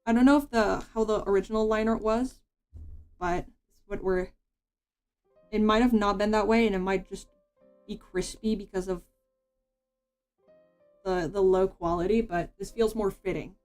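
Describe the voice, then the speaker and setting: A woman streamer talks casually at her desk mic while drawing, her thoughts rambling and full of "like" and restarts. Her pitch sits in the middle range. Soft music plays faintly behind her. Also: fairly even intonation, moderate pace, pauses often.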